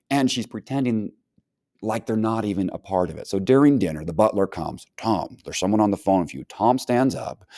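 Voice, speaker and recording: A man teaching a casual book review lesson, animated and acting out characters' lines. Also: lowish voice, no room sound, studio quality.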